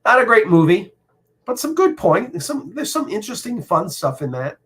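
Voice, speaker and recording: A middle-aged man hosting a casual live stream from home, speaking personally and reflectively, halting often with fillers. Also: sits high, sing-song, a bit bright, husky. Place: home room.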